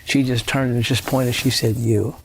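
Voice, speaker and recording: A man's voice: mid-range voice, steady tone, moderate pace, vocal fry, slight background noise. A man giving a personal testimony in an interview, telling it as a conversational storyteller who often repeats his words. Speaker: faith healer telling his story as a guest.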